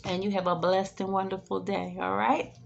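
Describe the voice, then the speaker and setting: A woman caregiver giving casual advice, chatty, tagging her sentences with "right?" and "okay?", sometimes dropping to a soothing hush. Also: mid-range voice, normal speed, gravelly, muffled recording. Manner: soothing, drops to a hush when modeling calm words. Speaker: in-home caregiver. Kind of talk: casual advice talk to camera.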